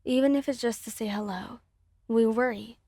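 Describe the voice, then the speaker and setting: A woman voicing a loving, worried middle-aged mother in a soft, hushed, fussing whispered role-play. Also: on the high side, normal speed, slightly rough, no echo, clean studio sound.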